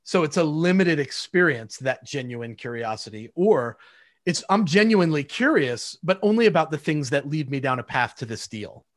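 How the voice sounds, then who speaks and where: A man's voice: on the high side, lively intonation, normal speed. A man in casual conversation who acts out quoted exchanges as he talks.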